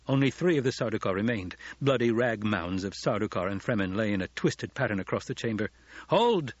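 A man narrating a novel as an audiobook, in steady storytelling. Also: on the low side, fairly quick, no echo. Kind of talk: scripted narration. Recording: dull lo-fi audiobook recording.

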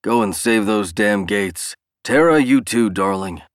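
A man voicing a gruff older father in a wheelchair, blunt but affectionate. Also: fairly low pitch, a little slow, dry recording, clean studio sound, close to an everyday voice. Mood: proud.

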